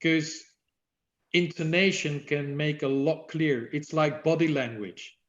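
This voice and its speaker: Guy coaching umpires on voice stuff, kinda high voice, roomy dull sound. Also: fairly even intonation, slow. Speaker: badminton umpire instructor. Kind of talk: online workshop talk. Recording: echoey, dull lo-fi audio.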